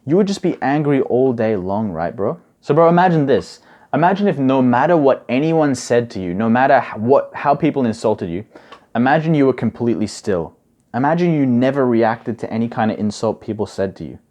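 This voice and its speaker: A man's voice: medium pitch, lively intonation, fairly quick, a little mellow. A young man giving casual advice as a coach, chatty and full of "like" and "bro". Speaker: study coach.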